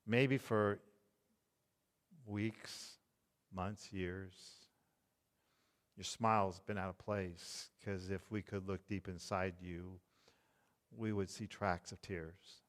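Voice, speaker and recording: A middle-aged man preaching a tender, hushed sermon as pastor. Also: low-pitched, fairly even intonation, long reverb tail. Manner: slow, tender, hushed delivery.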